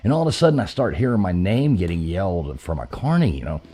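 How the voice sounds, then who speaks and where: A man's voice: low-pitched, fast, breathy edge. A man hosting a live call-in show, telling rambling stories full of fillers. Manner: rambling, with many fillers, loose and animated. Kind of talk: casual chat and storytelling.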